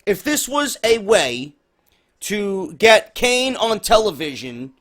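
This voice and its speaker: A man's voice: high-pitched, very animated, slow, fairly bright tone. A man ranting through a profane, sarcastic review of a wrestling show, exasperated and mocking. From New York.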